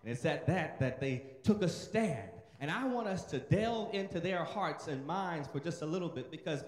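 A male pastor preaches emphatically and calls out to his congregation, his high voice swinging widely. Sound rings around a roomy church hall. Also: lively intonation, moderate pace. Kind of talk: sermon. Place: church sanctuary.

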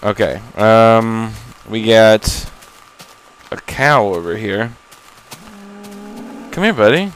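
A young man with a lowish, animated voice takes his time and pauses often while casually narrating his first time through a game on a laptop setup. Rambling and self-deprecating, he startles easily and swears at surprises, in a rough recording with slight background noise.

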